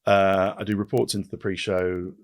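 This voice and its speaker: A man in his fifties, a podcast guest, talking in an animated way with quick restarts and repetitions. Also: low-pitched, no room sound, clean studio sound. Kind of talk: casual interview chat.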